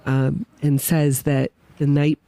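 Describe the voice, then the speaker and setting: A woman's voice: sits low, slow pace, vocal fry, dry recording. A woman guest on a podcast, telling a personal story with feeling and acting out what people said. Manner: animated, emotional storyteller who acts out quotes. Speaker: guest witness. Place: winery.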